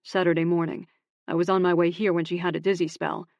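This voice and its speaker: A woman narrator voicing a blunt, possessive young man with loud, clipped delivery. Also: fairly low pitch, level tone, quick pace, no echo, highs cut off, close to an everyday voice. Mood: heated.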